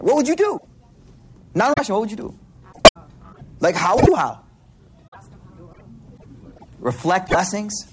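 A man giving an informal religious talk, slangy and animated, swinging between hushed and loud. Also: extremely high pitch, fairly quick, pauses often. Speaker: religious speaker. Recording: noisy recording with clicks.

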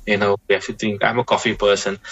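A man speaking as an Islamic scholar guest, giving reflective advice in a measured way, often repeating and restarting phrases and interjecting religious expressions. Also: fairly low pitch, little pitch movement, a bit bright, lo-fi sound.

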